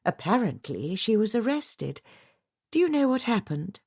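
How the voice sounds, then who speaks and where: A woman voicing a discreet housekeeper who speaks quietly, gently and in a measured way. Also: a little high, sing-song, breathy edge, pitched above the performer's own voice, full character voice. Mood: tactful. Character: discreet, tactful female housekeeper sleuth.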